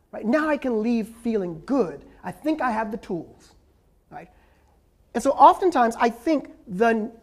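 A man's voice: high-pitched, darkish tone. Emphatic male professor lecturing. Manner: emphatic, frequently ends points with "right?". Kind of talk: lecture with audience questions.

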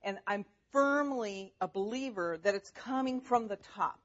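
A woman speaking as a mother giving faith-based parenting advice, animated and chatty, laughing often as she talks. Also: medium pitch, unhurried, dull audio.

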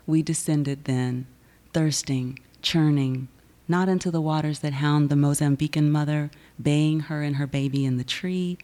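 Low-voiced woman poet reading aloud. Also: mellow. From Southern United States. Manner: measured, rhythmic recitation with chatty asides between poems. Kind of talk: poetry reading. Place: university reading event.

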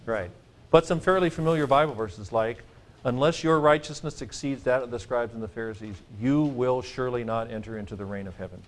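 A man teaching a Greek grammar class, lecturing in a lively, joking way and stressing his points. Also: medium pitch, brisk. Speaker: Greek professor.

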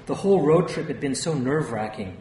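A man's voice: medium pitch, expressive, a little fast, dark tone. Man narrating a memoir, echoey and distant. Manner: tense first-person storytelling. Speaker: audiobook narrator. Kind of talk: first-person memoir narration. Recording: roomy, distant, faint hiss.

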